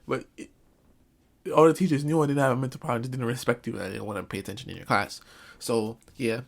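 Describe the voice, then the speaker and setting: A man's voice: medium pitch, steady tone, fast talker, creaky. A young man telling a comic school story in a storytime vlog, acting out quotes. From Jamaican family, Caribbean community. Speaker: vlogger.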